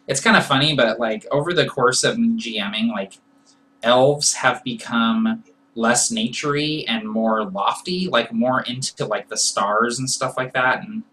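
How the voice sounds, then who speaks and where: A man hosts a live question-and-answer session, working through each reply in a relaxed, conversational way. His voice is bright and forward, at an ordinary pitch for a man. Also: a little hiss or hum, rough recording. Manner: thinks aloud, loose and conversational. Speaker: host answering viewer questions. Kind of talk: casual live Q&A.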